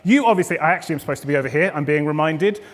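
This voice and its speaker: Stand-up guy hosting an awards night, high voice, joking with the crowd, long hall echo. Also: racing. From England. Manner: jokey, playful, loud calls to the audience. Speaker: awards host, stand-up comedian. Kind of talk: stand-up crowd work hosting live event. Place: event venue hall, indoors. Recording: echoey hall with long reverb.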